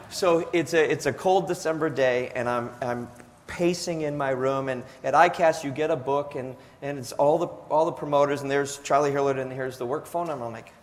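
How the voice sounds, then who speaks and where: A man, an air show pilot, telling a personal story in an animated way, acting out the dialogue. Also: mid-range voice. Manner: animated, acts out dialogue with lots of "I'm like". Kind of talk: storytelling speech. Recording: long hall reverb, faint room ambience.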